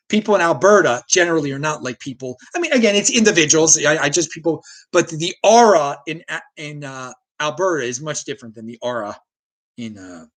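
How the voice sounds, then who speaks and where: An American man hosting a solo livestream, ranting with strong opinions and reading chat comments aloud. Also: fairly high pitch. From United States. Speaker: livestream host.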